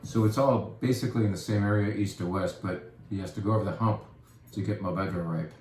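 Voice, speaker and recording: A man's voice: lowish voice, fairly quick, darkish tone, a little hiss or hum. A man hosting a casual wine presentation, chatty and playful with self-deprecating asides. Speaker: wine shop host. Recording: echoey room with faint ambience.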